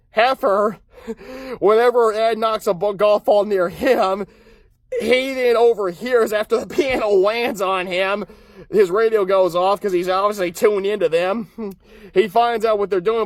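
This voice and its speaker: High-voiced man chuckling through a recap. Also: no echo. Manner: chuckles often while recapping, upbeat and rambling; frequent filler "uh" and restarts. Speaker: cartoon episode reviewer. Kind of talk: casual episode recap.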